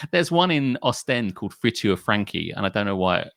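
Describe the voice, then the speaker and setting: A man's voice: lowish voice, fairly quick, gravelly, dry recording, clean studio sound. A man co-hosting a podcast in casual chat, ranting comically and swearing freely. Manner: animated, sweary, comic rants. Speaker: podcast co-host.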